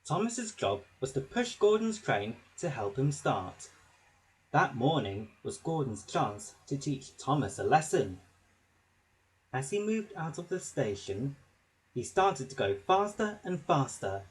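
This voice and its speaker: A man narrating a children's story with a slow, expressive reading. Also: mid-range voice, rough recording.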